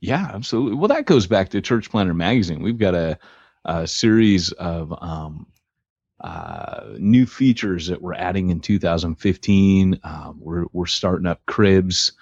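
Deep, husky male podcast co-host. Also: sing-song, unhurried, darkish tone, dry recording. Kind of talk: casual chat. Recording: dull lo-fi sound.

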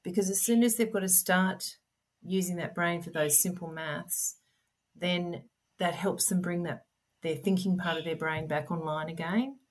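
A middle-aged woman speaks with a notably low voice. She is a guest in a relaxed interview and talks in an earnest, gentle, explanatory way. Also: a little slow. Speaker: podcast guest, parent advocate. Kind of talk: conversational interview.

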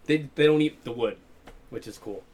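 A man's voice: medium pitch, normal speed, husky. A young man telling stories in casual, profanity-heavy chat among friends. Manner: profane, animated storytelling.

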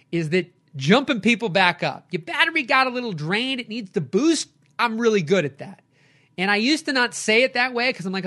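A middle-aged man, a coach and podcast host, giving an energetic motivational talk with lively storytelling. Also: high-pitched. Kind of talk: motivational talk, live stream.

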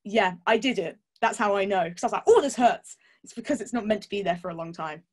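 A woman's voice: mid-range voice, quick pace, a little hiss or hum. A woman chatting candidly as a podcast guest, laughing often and swearing casually. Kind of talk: casual chat.

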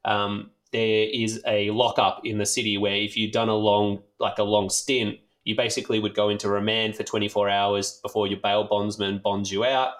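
In a lowish voice at a moderate pace with few pauses, an Australian man spins a rambling anecdote. He's animated and casual, cursing freely and filling the gaps with filler words.

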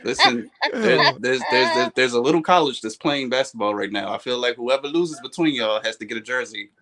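A woman's voice: extremely low pitch, animated, brisk, fairly bright tone. A woman joining a podcast chat, teasing and laughing.

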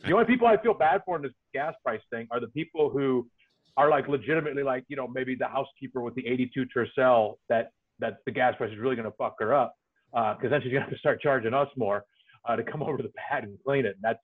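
A man's voice: mid-range voice, fast. A man co-hosting a podcast, griping in a laid-back, profane casual chat. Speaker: podcast co-host. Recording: tinny phone-like line.

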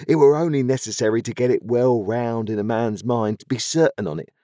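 A man's voice: medium pitch, sing-song, measured pace, creaky, darkish tone, dry recording, clean studio sound, voice pushed up. A man voicing a kindly, simple village blacksmith who talks in a homely rustic dialect. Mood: fond.

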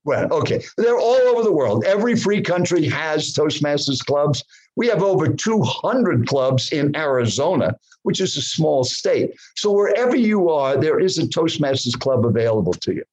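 Animated, husky older man telling a story. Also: a little high, moderate pace, rough recording. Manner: animated, addresses the host directly, poses questions to the listener. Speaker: guest speaker. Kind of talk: dramatic storytelling in a podcast interview.

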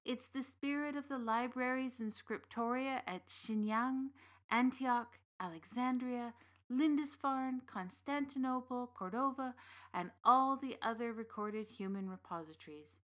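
A woman reading the part of a big, gently knowing uncle from the fairy realm in an audiobook story. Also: a little high, measured pace, pitched above the performer's own voice, natural voice. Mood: calm. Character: big warm Irish uncle, old fairy king's son.

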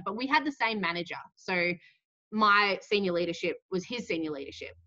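Chatty Australian woman in her twenties, bright and forward tone, casual storytelling on a dull, lo-fi recording. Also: medium pitch, expressive, brisk. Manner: chatty, heavy use of "like".

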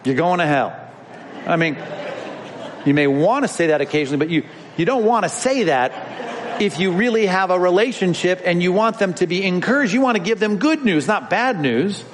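A man preaching a sermon in a church sanctuary, his voice sitting a little high. He talks conversationally and presses his points home, addressing the congregation directly. A long reverb trails each phrase through the room. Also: lively intonation, moderate pace, slight background noise. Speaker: pastor.

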